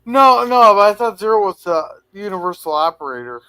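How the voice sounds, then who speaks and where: A man's voice: high voice, big pitch swings, fairly quick, bright, forceful tone, smooth, dry recording. A man in a casual chat, curious and chatty, asking questions about what he sees. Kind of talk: casual chat reviewing an old sitcom.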